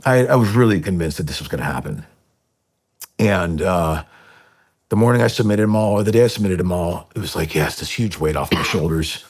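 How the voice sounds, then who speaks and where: Man, middle-aged, deep voice, raspy tone, earnest halting storytelling, podcast guest. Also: expressive, a little mellow. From United States. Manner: earnest, halting, with frequent fillers and restarts. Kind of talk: emotional personal storytelling.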